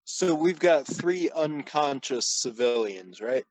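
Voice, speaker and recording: A man's voice: on the high side, lively intonation, takes it slowly, dry recording, poor audio. A man playing a tabletop game, talking casually as a detective character. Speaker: player.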